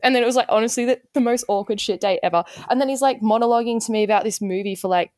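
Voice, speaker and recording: A woman's voice: on the high side, very fast, a little mellow, no room sound, clean studio sound. A young Australian woman, a podcast guest, telling a story in casual chat and acting out both sides of the conversation.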